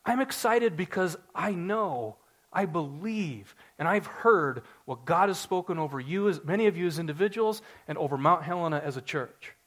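A man in his forties preaching a sermon to his congregation, earnest and story-driven, building to excited emphasis. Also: a little high, brisk, few pauses. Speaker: pastor.

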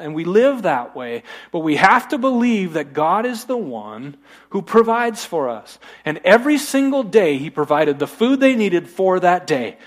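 A middle-aged man preaching a sermon as pastor, conversational with joking asides, in a church. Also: fairly high pitch.

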